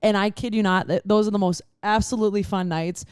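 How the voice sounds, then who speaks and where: A young woman hosts a casual podcast chat in a dry, close-up sound. She rambles through her stories and fills them with "like". Her pitch sits in an ordinary middle range. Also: fairly even intonation, fast, darkish tone, smooth, no room sound. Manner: rambling storyteller, heavy use of "like". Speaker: podcast host.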